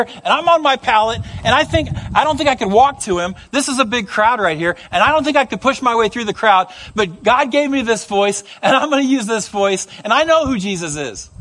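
A blind beggar, urgent and determined, calling out with growing intensity, as a preacher voices him. His voice is high and swings widely. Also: fairly bright tone, heavily acted. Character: blind beggar man, desperate and hopeful.

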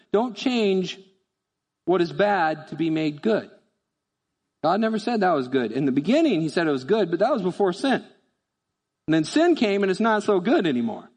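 High-voiced preacher in a reverberant church. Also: male voice. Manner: conversational, animated, acts out voices. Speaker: pastor. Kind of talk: sermon.

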